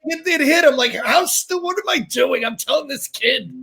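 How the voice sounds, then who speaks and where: A man, a comedian, telling rambling, animated stories in casual chat, laughing as he goes. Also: very high-pitched, moderate pace, vocal fry.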